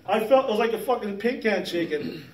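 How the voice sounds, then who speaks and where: A man's voice: sits high, lively intonation, brisk, crowd noise. A man in his fifties telling a rambling, profane work story in casual chat, laughing as he goes. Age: 50s. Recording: roomy sound from a distant mic.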